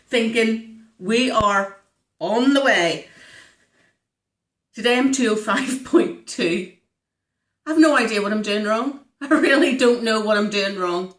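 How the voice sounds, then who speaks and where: A woman, vlogging casually, slightly hoarse and stuffy-nosed, rambling with lots of fillers. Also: mid-range voice, a bit bright, echoey room, distant mic. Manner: chatty, rambling, frequent fillers. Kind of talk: casual diet vlog.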